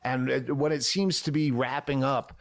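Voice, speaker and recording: A man's voice: medium pitch, fairly even intonation, normal speed. A man telling a profane story from his own podcast, breaking into screamed impressions. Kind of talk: storytelling clip from another podcast.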